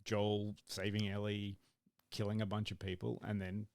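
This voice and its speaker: A man's voice: fairly low pitch, completely flat delivery, normal speed, creaky, darkish tone, dry recording. A man co-hosting a podcast in casual chat, rambling and acting out his own reactions. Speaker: podcast co-host.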